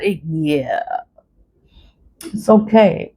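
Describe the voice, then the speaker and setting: Woman ranting to her phone, kinda low voice, cursing a lot, repeats herself, defiant. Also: slow pace, pauses often, warm tone. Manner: blunt, profane, repeats phrases, defiant. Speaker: vlogger. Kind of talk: ranting monologue to camera.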